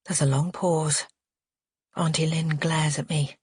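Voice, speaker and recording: A woman narrating a first-person crime audiobook at a measured, steady pace. Her voice is slightly husky and sits a little low. The sound is close and dry, with no room echo.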